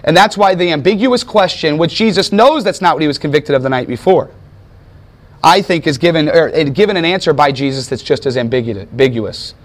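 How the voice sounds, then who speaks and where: A man gives a classroom lecture in a somewhat high voice. He tells events like a story, acts out quotes and tosses questions to the room. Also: fairly quick. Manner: animated storytelling with questions to students. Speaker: teacher.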